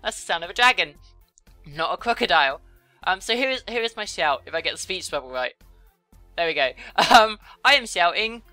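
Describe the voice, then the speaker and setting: Drawing as she talks, a young woman keeps up a chatty, giggly commentary for her YouTube channel, often teasing herself. She speaks briskly and animatedly in a fairly low, sharp voice, with no echo and soft music playing behind her.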